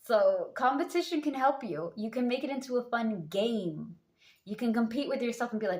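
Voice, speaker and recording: A woman's voice: fairly high pitch, lively intonation, normal speed, a little mellow. A woman talking casually to her viewers as a tarot reader, rambling and chatty with lots of fillers. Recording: roomy echo.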